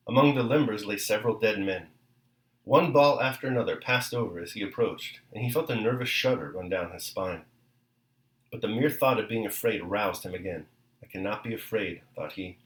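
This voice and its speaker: A man hosting a daily podcast, reading a novel aloud in a measured way and then reflecting on it. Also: fairly low pitch, a bit bright, echoey room, low-quality recording.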